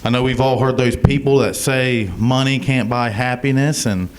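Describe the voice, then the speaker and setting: Man, 30s, stand-up comedian, deadpan, mid-pitched voice. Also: moderate pace. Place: comedy club stage.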